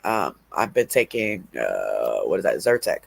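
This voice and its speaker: A deep-voiced livestream host with a creaky texture and huge pitch swings talks at a measured pace in a dry recording. Stuffy and sniffling from allergies, he rambles and drawls casually, laughing between remarks.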